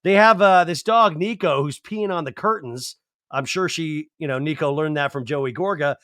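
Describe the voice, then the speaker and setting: A man hosting a podcast, giving an animated, digressive, jokey recap of a reality show. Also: fairly high pitch, normal speed, dry recording, studio quality. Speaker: podcast host. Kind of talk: casual comedic TV recap.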